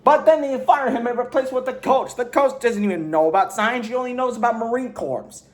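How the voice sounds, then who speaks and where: A man's voice: very high-pitched, brisk. A man casually recapping a movie, rambling and slangy with lots of fillers. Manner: rambling, filler-heavy storytelling; slangy, offhand. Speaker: movie reviewer.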